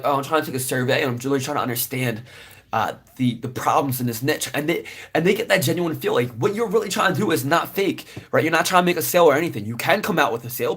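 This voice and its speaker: Husky-voiced young man giving business tips. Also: mid-range voice, fairly bright tone. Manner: rambling, lots of fillers, "right?" tags, restarts. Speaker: business vlogger. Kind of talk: casual advice talk to camera.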